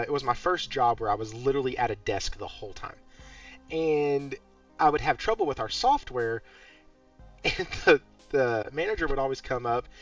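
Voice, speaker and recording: A man's voice: mid-range voice, fairly bright tone, lo-fi sound. Laughing male podcast host, distant mic. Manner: laughs often, swears casually while telling stories. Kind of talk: casual chat.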